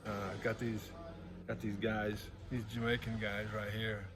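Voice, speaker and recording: A male preacher talking casually to the camera outdoors under a gazebo, in a halting way with lots of fillers and restarts. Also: fairly low pitch, little pitch movement. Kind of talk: casual vlog chat. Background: faint outdoor ambience of waves, voices and traffic.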